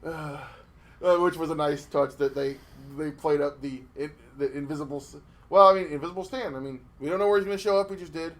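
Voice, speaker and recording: Animated, cursing male podcast host. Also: on the high side, fairly quick. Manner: animated storytelling with profanity and restarts. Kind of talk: casual podcast chat.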